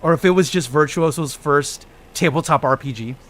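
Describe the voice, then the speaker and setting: His voice sits a little high and moves at a normal speed as he streams a video game on a desk microphone. Casual and jokey, he greets his chat, reads messages out loud, hums to himself, and yells when excited.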